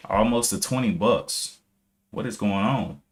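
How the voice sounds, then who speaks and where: Man, low voice, live-stream trading talk, thinking aloud, casual and self-correcting. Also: a little slow. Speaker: live stream day trader.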